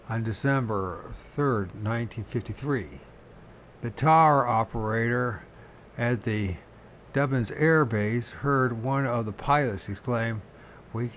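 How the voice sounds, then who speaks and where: A man reading a book about strange disappearances aloud, slowly and haltingly, often restarting words and correcting himself. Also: medium pitch, a little hiss or hum. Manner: pauses to question his own pronunciation. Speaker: reader of a paranormal book.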